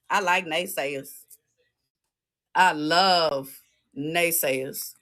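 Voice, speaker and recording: A woman's voice: lowish voice, expressive, a little slow. A woman hosting a livestream from her phone, ranting in a profane, taunting, repetitive way. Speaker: livestream host. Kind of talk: heated livestream rant.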